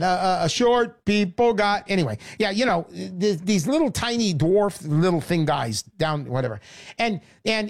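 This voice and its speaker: A woman hosting a sarcastic, animated sales pitch monologue.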